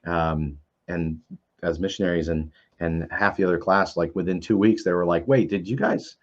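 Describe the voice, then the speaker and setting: A man's voice: low-pitched, flat delivery, normal speed. A middle-aged man telling stories on a casual panel, rambling with many fillers and restarts. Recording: dull lo-fi audio.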